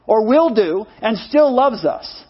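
Man, pastor, high voice, husky, earnest repetitive preaching, dull lo-fi recording. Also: sing-song, takes it slowly. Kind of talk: sermon.

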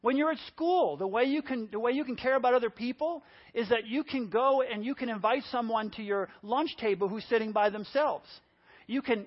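A man preaching a lively children's sermon, telling a Bible story and acting out its quotes with animated storytelling. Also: extremely high pitch, muffled recording. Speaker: pastor.

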